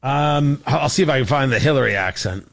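A man's voice: medium pitch, animated, brisk, creaky, fairly bright tone. A man hosting a political talk show, delivering sarcastic, opinionated commentary with frequent restarts. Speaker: radio talk show host.

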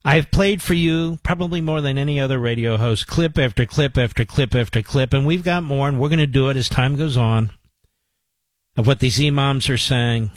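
A man's voice: mid-range voice, moderate pace, dry recording, rough recording. A man hosting a talk radio show, speaking emphatically and piling up repeated phrases for force. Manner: emphatic, forceful, building in repetition. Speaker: radio host.

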